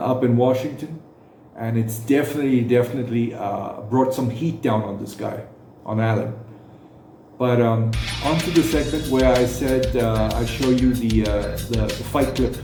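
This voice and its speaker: Man commenting with halting delivery. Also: medium pitch, warm tone, roomy sound. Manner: halting, with frequent fillers and restarts. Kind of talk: reaction commentary.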